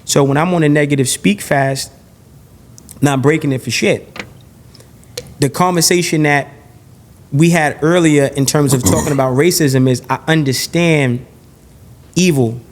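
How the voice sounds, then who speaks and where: A man being interviewed on a podcast, talking in an animated, blunt and profane way, often repeating and restarting his phrases. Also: on the high side, measured pace, pauses often. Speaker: podcast guest.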